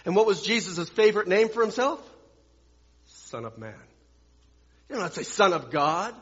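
A man preaching a sermon, swinging from loud, emphatic lines to hushed ones and repeating phrases for emphasis. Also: high voice, very animated, normal speed, breathy edge. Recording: dull long-reverb hall sound.

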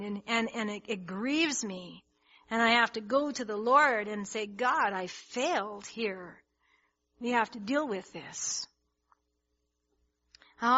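A woman delivers a sermon in a bright, forceful voice, earnest and emphatic, often repeating words as she builds. The recording is slightly dull and lo-fi. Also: a little high. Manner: earnest, emphatic, with many restarts and rising intensity. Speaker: preacher. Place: church hall with congregation.

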